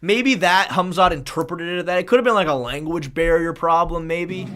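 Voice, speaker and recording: A man's voice: on the high side, moderate pace, sharp tone, soft background music. A man chatting casually on a live stream, rambling, swearing freely and thanking viewers.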